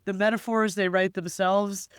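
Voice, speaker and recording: A woman's voice: mid-range voice, little pitch movement, normal speed, smooth, no room sound. Sick woman with a dry, sardonic wit. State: sick, hoarse. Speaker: podcast guest. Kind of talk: casual chat.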